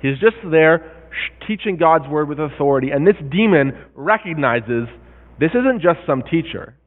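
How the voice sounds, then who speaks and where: A man's voice: on the high side, animated, normal speed. Male pastor, sermon delivery, explanatory tone that checks in with listeners; tinny phone-band sound, long reverb. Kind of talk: sermon teaching on a Bible passage.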